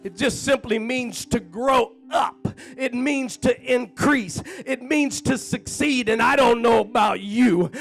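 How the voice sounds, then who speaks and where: High-voiced, gravelly man preaching a sermon. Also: slow pace, few pauses, soft background music. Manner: fervent, climbing to shouted repeated refrains; folksy, chatty asides to the congregation. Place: church.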